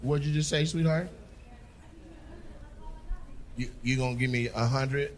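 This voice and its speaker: A man's voice: medium pitch, fairly even intonation, measured pace. A middle-aged man, a stand-up comedian doing crowd work on stage, brash, teasing and profane with the audience. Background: audience laughter.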